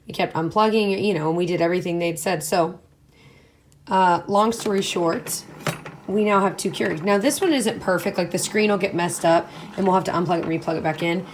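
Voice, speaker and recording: A woman's voice: mid-range voice, brisk. A young woman in her twenties talks casually to her camera while getting ready in a small room at home. She sounds tired and rambles from one thought to the next, with frequent laughs mixed into her chat. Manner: chatty and rambling, laughs often. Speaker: beauty vlogger.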